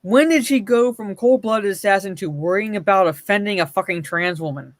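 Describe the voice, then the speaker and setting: A man's voice: high-pitched, a little fast, no room sound. Sarcastic man in casual commentary. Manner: sarcastic, reads comic panels aloud, swears. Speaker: podcast co-host.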